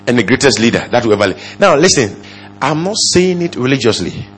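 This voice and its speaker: A male pastor preaching a sermon, firing off rhetorical questions and swinging from low murmurs to loud exclamations. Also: big pitch swings, fairly quick, a little hiss or hum.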